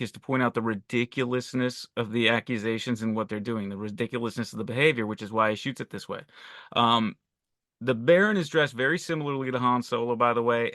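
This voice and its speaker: A man with a mid-range voice discusses a film on a podcast, analytical and a little halting. The sound is close and dry, with no room around him. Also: medium pitch, fairly bright tone, dry recording. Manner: thoughtful, analytical, halting with fillers. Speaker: podcast co-host.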